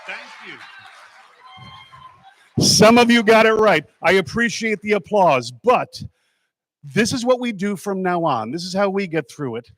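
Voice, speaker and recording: A man giving a jokey awards ceremony speech as an animated storyteller, with sudden loud bursts. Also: high voice, dry recording, studio quality.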